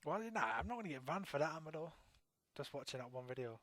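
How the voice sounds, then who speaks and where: A man's voice: fairly high pitch, animated, quick pace, fairly bright tone, no echo. A man hosting a casual internet radio chat show, rambling with lots of restarts. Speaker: talk show host.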